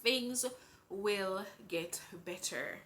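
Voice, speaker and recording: Slow, earnest Jamaican woman vlogger. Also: mid-range voice, fairly bright tone. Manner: earnest, faith-filled, unhurried. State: pregnant. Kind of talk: heartfelt personal vlog talk.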